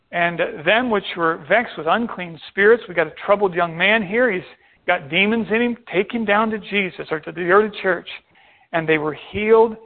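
A pastor preaching a sermon with animated delivery, acting out the voices of people in the stories he tells. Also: high voice. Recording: tinny phone-like sound.

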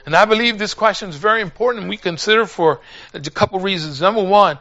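High, bright-voiced male preacher. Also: fast talker, lo-fi sound. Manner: emotional storytelling with emphatic repetition. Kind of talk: sermon.

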